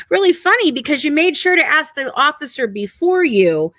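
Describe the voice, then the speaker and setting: A woman's voice: high voice, sing-song, moderate pace, few pauses, fairly bright tone, no room sound. A woman hosting a podcast and giving pointed true-crime commentary in an emphatic, skeptical way. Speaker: podcast host.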